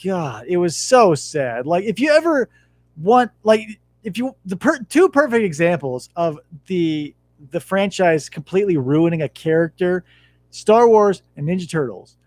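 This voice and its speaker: A man's voice: high voice, measured pace, dry recording. A man in his thirties hosting a podcast, telling stories in a casual chat with lots of profanity. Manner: animated, profane storytelling. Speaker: podcast host.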